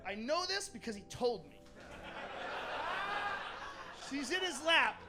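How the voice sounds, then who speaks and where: High-voiced man telling a crude stand-up story. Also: normal speed, long pauses, loud music behind the voice. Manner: crude, animated, acts out characters mid-story. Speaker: stand-up comedian.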